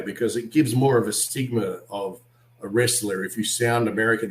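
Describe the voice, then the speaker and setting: A man with an Australian accent, an actor guest on an interview, telling animated anecdotes and acting out what other people said. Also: on the low side, roomy sound, rough recording. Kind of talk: casual interview storytelling.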